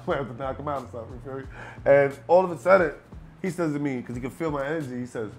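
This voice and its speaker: A man's voice: medium pitch, racing, faint music behind. A man from Brooklyn with a Brooklyn accent, a rapper telling a story as a guest and acting out the other people in it. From Brooklyn, New York. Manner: animated, acts out the other people in his story, keeps asking "you know what I'm saying". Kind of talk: storytelling in a casual interview.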